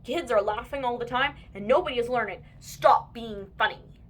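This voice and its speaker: A woman's voice: a little high, moderate pace, a bit bright, a little hiss or hum, lightly acted. A woman voicing a firm grade-one teacher scolding a pupil in a children's story. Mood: stern.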